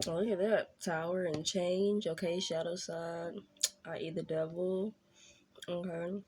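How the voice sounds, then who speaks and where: A woman giving a casual tarot reading straight to her viewers, chatty and excitable. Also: lowish voice, measured pace, background noise. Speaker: tarot reader.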